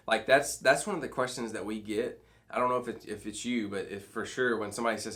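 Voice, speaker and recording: A man's voice: fairly low pitch, fairly even intonation, fairly quick, a bit bright. A man leading a devotional for students. He reads scripture and explains it in a conversational way, often checking in with "okay?" and "right?". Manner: frequent restarts and fillers. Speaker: youth pastor. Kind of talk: midweek devotional teaching to students.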